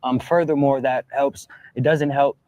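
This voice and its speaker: Man, quiet measured answer, flat pitch, dry sound. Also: no echo.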